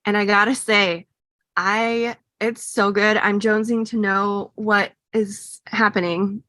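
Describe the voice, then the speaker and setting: Bright, dry-sounding woman co-host. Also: medium pitch, steady tone, slow, dry recording. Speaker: podcast co-host. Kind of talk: casual chat.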